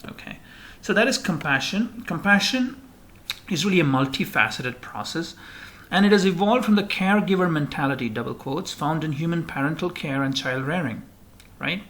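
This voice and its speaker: A man's voice: on the high side, expressive, normal speed, fairly bright tone. A man giving a recorded slide lecture, rambling with many fillers and restarts.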